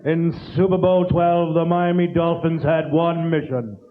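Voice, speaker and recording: A man putting on a booming sports-film narrator. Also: steady tone, lightly acted. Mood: solemn. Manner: slow, grand, dramatic delivery. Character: deep solemn male sports-film narrator. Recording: dull lo-fi tape with noise.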